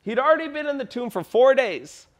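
A man's voice: very high voice, expressive, fairly quick. A man preaching a sermon to his congregation, retelling a story with acted-out quotes and repeating key lines for emphasis. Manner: addresses the congregation directly. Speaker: pastor.

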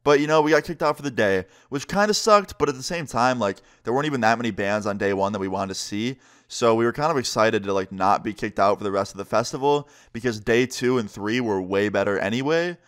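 A man telling a casual story-time vlog in an animated, slangy way, swearing freely. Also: mid-range voice, brisk, hardly any pauses, clear, resonant tone. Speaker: storyteller vlogger.

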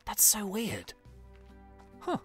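A let's-play host chatting excitedly through gameplay, laughing often and reacting out loud. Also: medium pitch, drawn-out words, faint music behind. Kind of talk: casual gameplay commentary.

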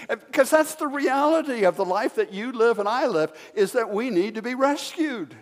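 A man's voice: high voice, big pitch swings, fairly quick, hardly any pauses. A male pastor preaching a sermon, telling a story and asking the congregation questions. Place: church sanctuary. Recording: long reverb of a sanctuary.

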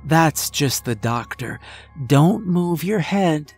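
A man's voice: a little high, expressive, slow pace, darkish tone, breathy edge, dry recording, soft background music, voice pushed up, heavily acted. A man voicing a sweetly menacing female nurse who soothes and mocks her patient. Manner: soothing, mocking.

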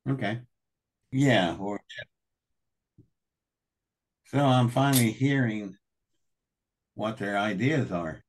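A man's voice: fairly low pitch, slow, pauses often, a little hiss or hum. An older man as an interview guest, telling a personal story with strong feeling, acting out the dialogue and swearing now and then. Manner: animated, acts out quoted dialogue, swears. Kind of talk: emotional first-person storytelling.

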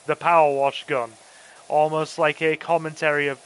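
A man's voice: on the high side, little pitch movement, moderate pace, no room sound, poor audio. A man hosting a casual gaming stream, joking wryly and reading viewer chat aloud. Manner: playful, wry, reads chat aloud. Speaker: channel host.

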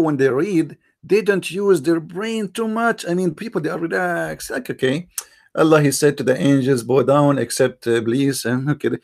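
A man with a fairly high, gravelly voice runs a live-streamed religious debate. He is scornful and argumentative, throwing rhetorical questions at his audience in English that follows non-native grammar.

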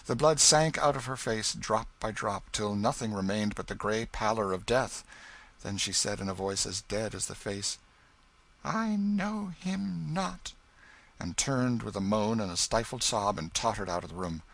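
A man narrating a classic novel as an audiobook in a measured storytelling manner. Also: lowish voice, a bit bright. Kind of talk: scripted narration.

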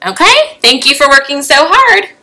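A woman's voice: high voice, very animated, normal speed, bright, forceful tone, poor audio. A young adult woman teacher giving a remote lesson to young children, patient, with frequent rising "okay?" checks.

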